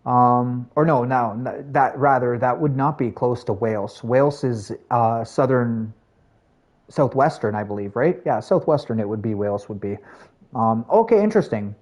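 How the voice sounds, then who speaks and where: A man streaming a shooter game, chatting casually with his viewers in a rambling, filler-heavy way that jumps to excited highs. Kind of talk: casual live-stream gameplay chat.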